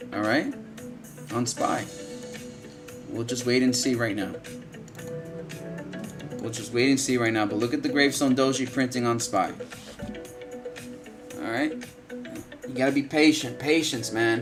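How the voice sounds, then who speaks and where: A man hosting a live trading stream, talking casually and bluntly, swearing often and repeating himself, tired and yawning from lack of sleep. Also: mid-range voice. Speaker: trading livestream host. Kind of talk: casual live market commentary.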